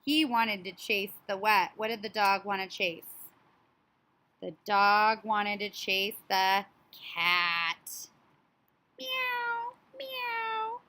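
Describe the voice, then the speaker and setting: A woman teaching a story sequencing lesson to young children, speaking in an animated, child-directed way and now and then imitating animal sounds. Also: mid-range voice, slow.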